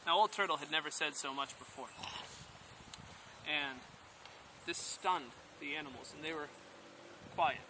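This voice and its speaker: A man telling a storybook tale aloud at a camp in a slow, rhythmic way, outdoors in the countryside. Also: on the high side, background noise. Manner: slow, rhythmic, rising to loud climaxes.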